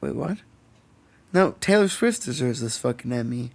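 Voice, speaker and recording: A man's voice: medium pitch, expressive, moderate pace, gravelly. A young man with a Canadian accent, ranting sarcastically and swearing often as a podcast co-host. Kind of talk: casual chat. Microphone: podcast microphone.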